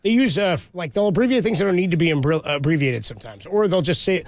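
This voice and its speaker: A man's voice: high voice, lively intonation, fast talker, few pauses, no room sound. A man co-hosting sports radio, chatting casually in an easygoing way and laughing along. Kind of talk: casual chat.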